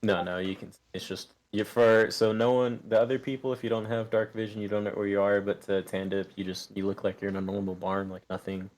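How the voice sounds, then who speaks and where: A young man narrates a tabletop game as game master in a fairly low voice. He talks in halting bursts, restarting sentences as he goes. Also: little pitch movement, darkish tone. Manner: halting, full of fillers and restarts.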